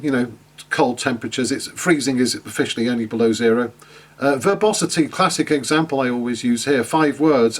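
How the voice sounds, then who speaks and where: In this online lecture, a man speaking fairly quickly at a medium pitch runs his class in a conversational style. He often restarts sentences, leans on fillers, and puts questions to his students.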